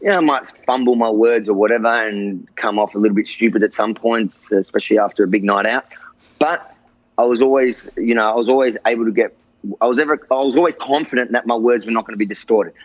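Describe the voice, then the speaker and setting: A man's voice: medium pitch, fast, lo-fi sound. An Australian man speaking as an interview guest over a video call, earnest and rambling with many restarts. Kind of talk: casual interview chat.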